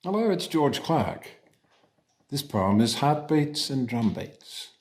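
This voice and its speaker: Poet, Australian man, mid-pitched, very animated melody. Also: slow. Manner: lively, sing-song poetic delivery. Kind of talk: reading his own poem aloud. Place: at home.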